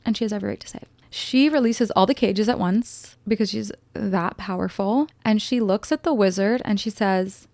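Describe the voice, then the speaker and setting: A woman reviewing a film in casual chat, retelling scenes expressively and dropping into quick voices for the characters. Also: mid-range voice, dry recording. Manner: chatty, expressive, quotes characters in little voices. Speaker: movie reviewer.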